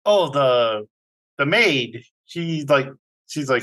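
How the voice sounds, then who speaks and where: A man's voice: medium pitch, expressive, slow, a bit bright. Man casually recapping a film. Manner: rambling recap with fillers and laughs. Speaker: podcast co-host. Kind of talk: casual movie review chat.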